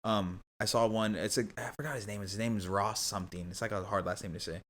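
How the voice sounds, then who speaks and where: Brief: young guy, fast rambling storyteller, lowish voice, podcast guest. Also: steady tone, fairly bright tone. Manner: rambling, full of "like" and restarts. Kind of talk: casual storytelling.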